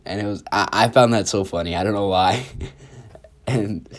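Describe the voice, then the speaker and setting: Sick guy with a sore throat telling a school story, really low voice, lots of likes. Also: normal speed. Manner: rambling, casual with many fillers. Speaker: youtuber. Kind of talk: storytime vlog.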